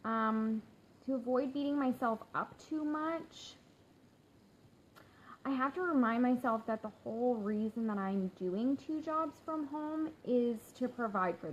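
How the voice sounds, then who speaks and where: Mom in her 30s live streaming from home on her phone, chatty and candid, sound a bit muffled w/ faint hum. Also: a little high. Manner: chatty and candid, with frequent fillers and laughs. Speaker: work-from-home mom and entrepreneur. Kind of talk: casual live-stream chat to viewers. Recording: slightly dull phone audio with faint hum.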